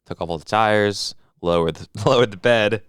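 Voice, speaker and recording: A man's voice: lowish voice, normal speed, fairly bright tone, clear, resonant tone, dry recording, clean studio sound. A young man co-hosting a podcast in casual chat, joking, swearing and acting out other people's voices. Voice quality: joking, acts out quoted voices, swears often. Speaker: podcast co-host.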